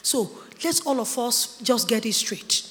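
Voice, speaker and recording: High, bright-voiced woman preaching. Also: measured pace. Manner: emphatic, animated, mimics others' voices. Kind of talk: sermon. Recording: long hall reverb.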